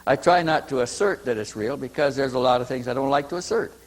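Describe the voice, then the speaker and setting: In a conference hall, a fast-talking man of medium pitch wanders through a long personal anecdote, repeating words and starting sentences over. The recording is low quality.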